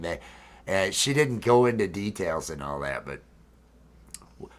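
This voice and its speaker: A man with a fairly low voice talks through a casual livestream story. He rambles and restarts, full of fillers, in a relaxed home setup over a video call. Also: measured pace. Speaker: host.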